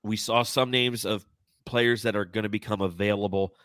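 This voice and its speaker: A man's voice: lowish voice, steady tone, normal speed, fairly bright tone, no echo, studio quality. A man hosting a casual sports podcast, reading out fan comments and laughing often. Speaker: podcast host.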